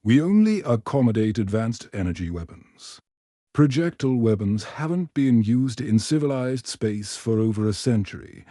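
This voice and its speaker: A poised alien receptionist woman with a lilting, musical way of speaking, put on by a male storybook narrator. Her polite, formal lines come out quiet and a touch low, in a soft, mellow tone. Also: expressive, normal speed, no echo, clean studio sound, natural voice. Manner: polite, formal, later deferential.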